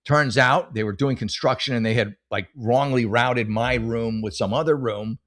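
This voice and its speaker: A man's voice: mid-range voice, normal speed, fairly bright tone. Rambling, cursing male podcast host. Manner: rambling, swearing, storytelling with many restarts. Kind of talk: casual comedic monologue.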